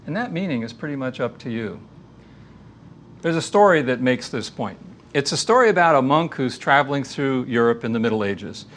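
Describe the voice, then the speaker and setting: Earnest man giving a measured lecture. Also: mid-range voice, animated, fairly bright tone. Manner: earnest, measured, storytelling teacher. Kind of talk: recorded faith-based lecture.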